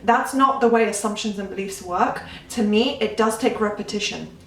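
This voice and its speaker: A woman's voice: medium pitch, moderate pace, a little hiss or hum. Earnest woman coach in a roomy room. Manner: earnest, emphatic, repetitive. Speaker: manifestation coach. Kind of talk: casual talk to camera. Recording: roomy, slightly distant mic.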